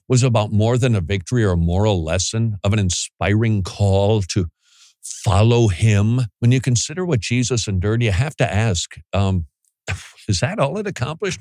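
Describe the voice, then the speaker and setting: A man's voice: mid-range voice, dry recording. Emphatic male preacher, dry sound. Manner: emphatic, rhetorical questions, acts out voices. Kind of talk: sermon.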